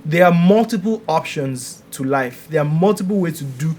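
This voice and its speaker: Animated man, high voice. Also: moderate pace, slight background noise. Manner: animated, laughs often, restarts sentences. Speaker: podcast co-host. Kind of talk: casual panel chat.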